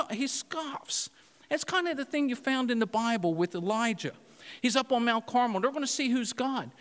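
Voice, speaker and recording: Lively pastor guy preaching, kinda high voice, big echoey hall. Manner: animated storytelling preacher, laughing, mimicking voices. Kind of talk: sermon. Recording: long hall reverb.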